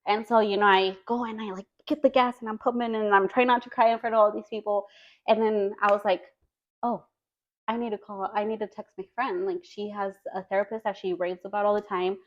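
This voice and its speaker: Podcast guest, woman, earnest storyteller, filler-heavy casual talk, mid pitch, slightly muffled lo-fi recording. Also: steady tone, fast talker. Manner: earnest, heavy use of "like" and "you know".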